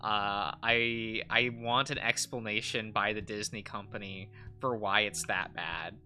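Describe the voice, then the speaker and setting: A man's voice: fairly low pitch, fairly even intonation, a little slow, pushed and bright, soft background music. A man chatting casually on a live drawing stream, rambling with lots of fillers and frequent giggles.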